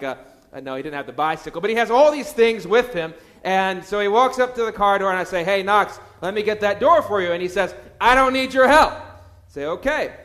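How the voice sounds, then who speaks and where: A man's voice: high voice, fairly bright tone. A man in his thirties, a pastor, preaching a sermon in a chatty storytelling way, with frequent fillers and restarts.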